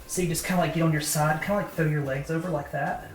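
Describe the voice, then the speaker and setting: A woman's voice: low voice, fairly even intonation, quick pace, a little hiss or hum. Chatty Southern woman directing a photo shoot. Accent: Southern American. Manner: upbeat, chatty coaching with many fillers. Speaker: boudoir photographer. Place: indoor photo studio, roomy. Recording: echoey room, mic far off, faint music.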